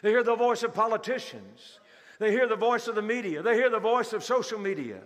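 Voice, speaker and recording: A man's voice: sits high, a little fast, fairly bright tone. A male pastor preaching a sermon to a congregation, asking rhetorical questions and repeating key phrases. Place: large church hall. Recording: long hall reverb.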